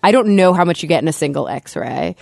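A woman co-hosting a casual science talk show, explaining a news story in a lively way and laughing often. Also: on the low side, fairly quick, creaky, dry recording, studio quality. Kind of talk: casual chat.

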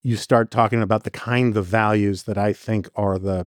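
A man's voice: lowish voice, steady tone, normal speed, no room sound, studio quality. A man as a podcast guest giving earnest commentary in long run-on sentences. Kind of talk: conversational commentary.

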